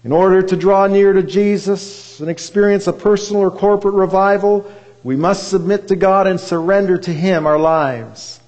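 Earnest male preacher, high voice, sermon in a big reverberant hall. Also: fairly even intonation, normal speed, a little mellow, dull audio. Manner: earnest, rises to impassioned. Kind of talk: revival sermon.

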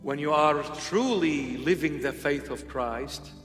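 A man's voice: a little high, slow, fairly bright tone. A man preaching a humorous, conversational sermon, slipping into playful impressions. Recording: echoey hall with faint music.

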